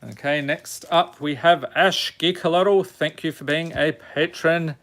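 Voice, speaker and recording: A man's voice: a little high, fairly even intonation, unhurried, fairly bright tone. A man hosting a live stream, reading out card names one at a time and joking with his viewers in casual chat. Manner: reads item names one by one, jokes with viewers.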